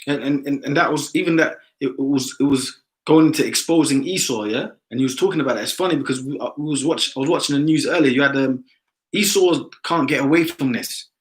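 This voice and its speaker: A man with a London accent talks in an emphatic, insistent way during a loose religious discussion. His voice sits at a middle pitch for a man, and he keeps punching his points home. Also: fairly quick, poor audio. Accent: London English. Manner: emphatic, repeats "man" often. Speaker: discussion participant.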